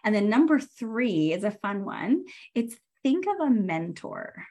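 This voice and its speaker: A woman podcast host and coach giving a casual live training, chatty and animated, with lots of fillers, self-corrections and frequent laughs. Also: a little high, a little slow.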